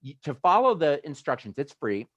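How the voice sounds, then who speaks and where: A man from the United States hosting a video call, talking casually in a rambling way with animated asides. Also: on the high side, moderate pace, no room sound, highs cut off. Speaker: host of a motivational video call. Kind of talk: casual chatty talk.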